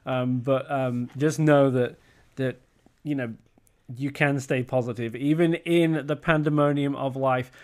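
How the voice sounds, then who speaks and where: A woman's voice: rumbling low, steady tone, a little slow, a little mellow. A woman co-hosting a casual family podcast, rambling with restarts and easy laughs. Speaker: podcast co-host.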